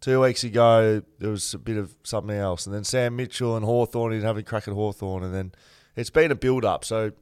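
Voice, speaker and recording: A man's voice: on the low side, steady tone, brisk, darkish tone, clear, resonant tone, no echo, clean studio sound. A man hosting a podcast in casual chat, blunt and teasing, swearing freely. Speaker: podcast host.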